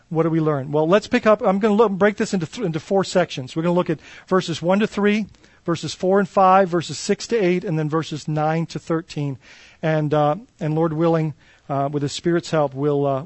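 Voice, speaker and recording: A man's voice: high-pitched, dry recording. A male pastor preaching a sermon in an earnest, emphatic way, with many fillers and restarts as he explains scripture.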